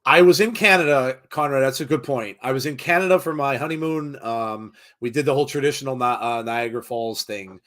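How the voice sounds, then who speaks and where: A man's voice: mid-range voice, a little fast, few pauses, fairly bright tone. A middle-aged American man chatting through a live wrestling watch-along. He rambles with lots of fillers and reads viewers' comments aloud as he goes. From United States. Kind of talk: casual live commentary chat.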